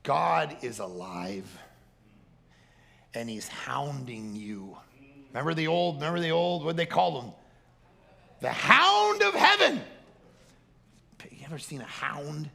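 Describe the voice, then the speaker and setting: A man, a pastor, preaching a sermon with animated storytelling and a quiet prayer. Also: mid-range voice, a little slow, vocal fry.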